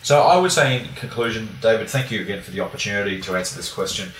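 A man from Australia with an Australian accent, a guest analyst giving a brisk conversational explanation with frequent fillers. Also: lowish voice, expressive, a bit bright, reverberant, far from the mic, slight background noise, low-quality recording.

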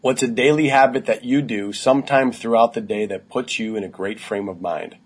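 A man's voice: mid-range voice, normal speed, slightly rough. A man hosting a podcast interview, upbeat and encouraging as he sums up his guest's points. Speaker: podcast host.

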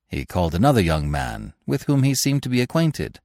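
Brief: male audiobook narrator, dramatic and expressive, very lively pitch, dry close sound. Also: a little fast, vocal fry, no echo.

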